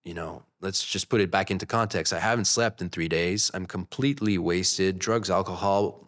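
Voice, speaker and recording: Male podcast guest, 30s, low voice, candid and animated storyteller. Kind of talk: casual storytelling.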